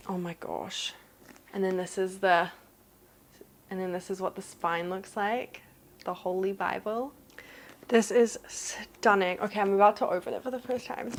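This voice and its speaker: A young woman who grew up in New Zealand, chatting excitedly through a casual unboxing vlog and gushing with gasps. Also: mid-range voice. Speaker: vlogger.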